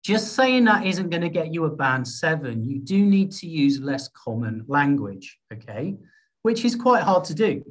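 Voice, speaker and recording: A man's voice: a little high, measured pace. Encouraging British man teaching a lesson. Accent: British English. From Britain. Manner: lively, encouraging, checks in with "okay?" and "all right?". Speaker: IELTS speaking teacher. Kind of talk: online workshop lecture.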